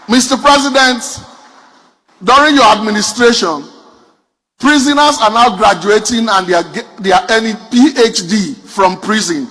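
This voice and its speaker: A man's voice: sits high, normal speed, bright, forceful tone. A Nigerian man performing a stand-up comedy routine. He tells punchy stories straight to the audience. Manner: addresses the audience directly, punchy storytelling.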